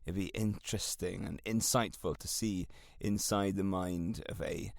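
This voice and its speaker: A man's voice: low-pitched, fairly even intonation, unhurried, creaky, no room sound, clean studio sound. A man with a Welsh accent hosting a solo self-help podcast, talking to listeners in an earnest, encouraging coaching way. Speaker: podcast host.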